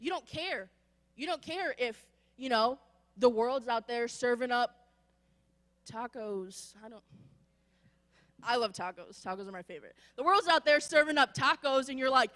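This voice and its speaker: A woman's voice: fairly high pitch, animated, normal speed, a bit bright. A woman preaching a sermon in a conversational way, acting out people's excuses as she talks. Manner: conversational, acts out quoted excuses. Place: church sanctuary. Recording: long church hall reverb.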